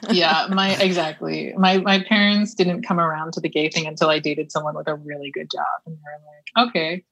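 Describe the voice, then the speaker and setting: A woman's voice: low-pitched, flat delivery, a little fast, creaky, a bit bright, rough recording. A young woman hosting a casual chat, blunt and teasing, swearing freely.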